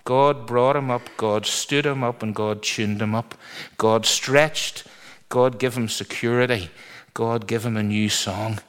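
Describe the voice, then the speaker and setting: A man's voice: medium pitch, steady tone, unhurried, a bit bright. Man, preacher, mid-range voice, emphatic, reads scripture aloud. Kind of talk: sermon.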